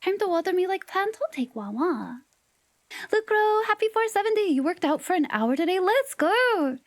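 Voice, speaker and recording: A woman streamer with a high voice chats casually with her viewers in a playful, teasing way. She often drops into quick whispered asides. The close, dry recording has no trace of room echo. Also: very animated. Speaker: livestreamer.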